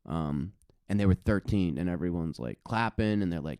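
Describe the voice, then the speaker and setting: A man's voice: sits low, fairly quick, a little mellow, smooth, no room sound. A man co-hosting a comedy podcast, chatting casually, often laughing and swearing as he talks. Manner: laughing, profane, conversational.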